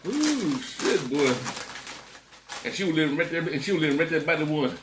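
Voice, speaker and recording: A man's voice: a little high, steady tone, a little fast, background noise. A man telling a story in a laid-back, slangy drawl while eating, dropping frequent exclamations. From Texas. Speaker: vlogger. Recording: roomy echo.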